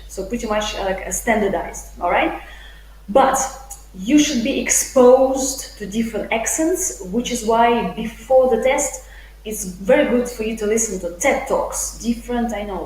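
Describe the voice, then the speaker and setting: Upbeat chatty woman teaching live. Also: mid-range voice. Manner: chatty, upbeat, full of fillers, reads viewer comments aloud. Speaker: IELTS teacher. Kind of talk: live-streamed English lesson. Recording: echoey room with faint hum.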